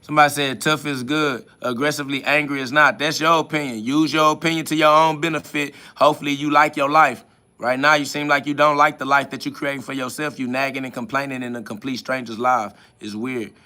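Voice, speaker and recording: A man's voice: medium pitch, flat delivery, brisk, pushed and bright. A man hosting a podcast, answering listener comments in a profane, mocking spiritual rant.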